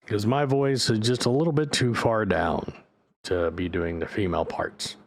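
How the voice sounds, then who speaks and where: A man's voice: lowish voice, normal speed. A male streamer in casual livestream chat, rambling, loose and profane.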